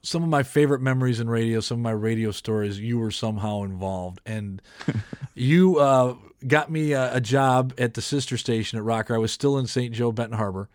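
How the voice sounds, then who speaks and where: A man's voice: mid-range voice, a little fast, no room sound. A man who hosts a podcast and has worked as a radio DJ, telling a story in casual chat with many restarts. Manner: rambling, many restarts and self-corrections.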